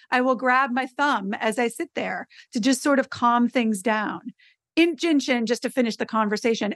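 A woman's voice: a little high, creaky, no room sound, studio quality. A middle-aged woman, a podcast guest and advocacy expert, telling stories emphatically in casual conversation. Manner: animated storyteller, emphatic.

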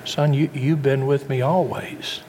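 A preacher voicing a calm, gentle father. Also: mid-range voice, measured pace, slight background noise, close to an everyday voice. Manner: soft and gentle. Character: calm loving father speaking to his son. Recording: long reverb in a hall.

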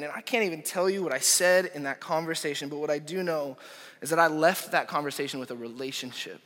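A young adult man, a pastor preaching a sermon, impassioned, rising to loud peaks and dropping to near whispers. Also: a little high. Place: church auditorium. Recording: echoey hall reverb.

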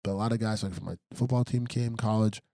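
A young man tells stories at a quick clip in a casual interview, his low voice dark and mellow. He slips into lively acted-out quotes as he goes. The sound is dry and close. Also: no echo. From United States, raised by Congolese immigrant parents. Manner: animated storyteller acting out quotes. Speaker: professional fighter, interview guest.

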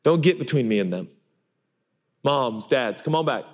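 A man's voice: medium pitch, lively intonation, moderate pace, close to an everyday voice. A man acting out Jesus as an adult man, eagerly calling children and parents over in a raised, urgent voice. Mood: urgent welcoming.

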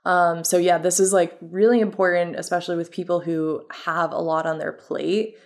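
On her own podcast, a woman with a fairly low voice and clear vocal fry talks at a moderate pace. Sounding like a health coach, she's relaxed and reflective in this casual solo monologue, often using fillers like "um" and "like" as she works through her thoughts.

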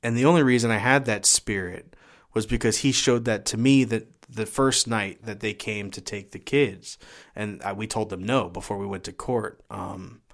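A man giving a personal testimony as a guest, earnest and halting, often repeating his words. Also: fairly low pitch, creaky. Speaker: guest sharing his life story.

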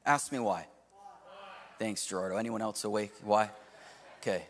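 A man in his thirties preaching a sermon to a live congregation, swinging from loud to hushed. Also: on the low side, normal speed, big-room sound. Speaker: pastor. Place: church hall with live audience.

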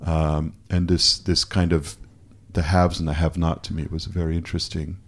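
Low-voiced candid man, halting. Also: little pitch movement. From Canada. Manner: candid, halting, self-questioning with restarts. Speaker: photographer guest. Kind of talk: casual interview conversation.

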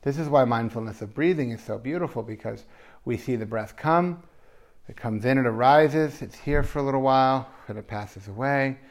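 A man giving a conversational dharma talk at a meditation retreat, drifting into soft asides and playful quoted thoughts. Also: medium pitch, moderate pace. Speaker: meditation teacher.

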